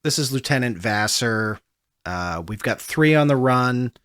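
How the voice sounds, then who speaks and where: A man playing a threatening soldier lieutenant in an armored suit, speaking low and clipped. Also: expressive, measured pace, fairly bright tone, clean tone, no echo, clean studio sound. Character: menacing male soldier lieutenant in a broken suit.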